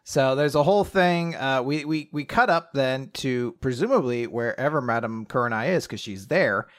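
A young man co-hosting a podcast, casually recapping an anime, animated, swearing and acting out quotes. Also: medium pitch, normal speed. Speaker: podcast co-host.

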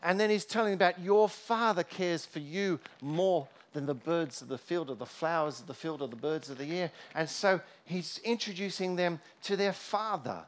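A middle-aged man preaching a sermon in a church, telling personal stories with many fillers and restarts. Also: on the high side. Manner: storytelling, with frequent fillers and restarts.

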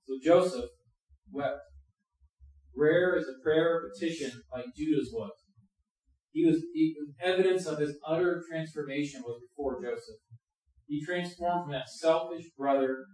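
A man preaching a sermon, earnest and emphatic, dropping into quiet, reflective asides. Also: fairly high pitch. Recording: echoey room, mic far off.

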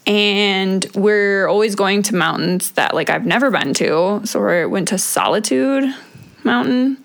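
A woman's voice: medium pitch, a little slow, creaky. Woman, middle-aged, solo podcast host, casual chat, swears a lot, lots of "like". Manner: chatty and profane, many "like" fillers.

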